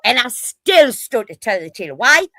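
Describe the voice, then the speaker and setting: A woman's voice: a little high, sing-song, moderate pace, bright, forceful tone, no room sound. A woman with a Geordie accent, telling rowdy stories in a casual live stream chat, brash and full of swearing. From North East England.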